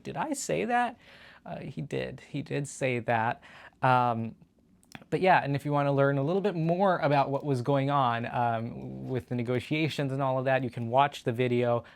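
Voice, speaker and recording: A man's voice: medium pitch, gravelly. A man hosting his own show, giving casual political news commentary in a conversational way with frequent fillers and restarts. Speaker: show host.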